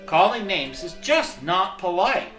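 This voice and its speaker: Storybook narrator, slow, animated, bright tone, roomy echo, soft music. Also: mid-range voice. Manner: expressive, lively storytelling.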